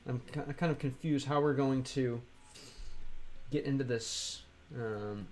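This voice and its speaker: A young man from the United States chats on a live stream, reading the chat aloud and working through halting Russian with lots of fillers. His voice is medium in pitch with a darkish tone.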